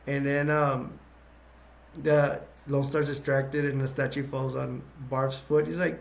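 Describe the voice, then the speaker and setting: Gravelly man rambling through a plot. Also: mid-range voice, level tone, slow pace. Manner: rambling, filler-heavy, with frequent restarts. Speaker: movie reviewer. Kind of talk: casual plot retelling.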